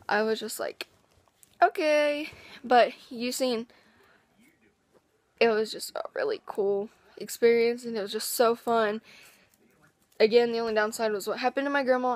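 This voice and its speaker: A teenage girl with a hoarse, worn-out voice, excitedly telling a rambling story in a casual vlog. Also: on the high side, no echo. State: hoarse, lost voice. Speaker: vlogger.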